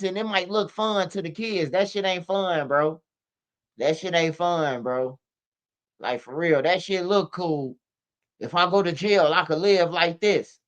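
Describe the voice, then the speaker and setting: A man's voice: high voice, fairly bright tone, clear, resonant tone. A man hosting a casual street news commentary stream, slangy and emphatic, ending lines with "bro" and "man". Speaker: commentary channel host. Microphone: streaming setup microphone.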